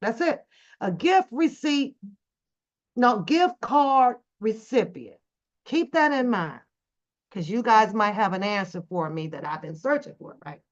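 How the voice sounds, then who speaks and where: A middle-aged woman vlogging, telling a story casually to her viewers, animated and swearing freely. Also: on the high side, unhurried. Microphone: phone camera. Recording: dull lo-fi recording.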